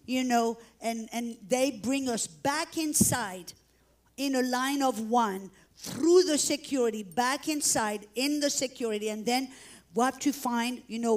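A woman with a high voice preaches, telling her testimony with drama. She acts out shouts and commands, then falls back to an even telling voice. She sounds middle-aged. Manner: dramatic storytelling, acting out shouts and prayers. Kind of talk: testimony sermon.

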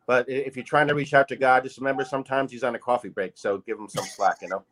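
A man in his sixties, a comedian guest chatting in a relaxed, joking, meandering way. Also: medium pitch, fast. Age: 60s. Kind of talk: casual interview chat.

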